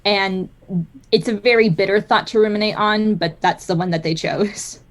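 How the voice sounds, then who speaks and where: A woman's voice: mid-range voice, moderate pace. A woman playing her character in a tabletop game, often stumbling and restarting her sentences. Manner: hesitant, stammering restarts.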